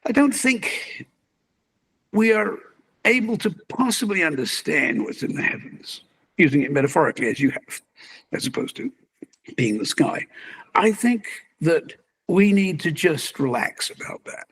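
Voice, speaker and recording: An older man, a magazine publisher and interview guest, musing in an animated, conversational way and chuckling as he talks. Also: a little high, unhurried, gravelly, slightly rough.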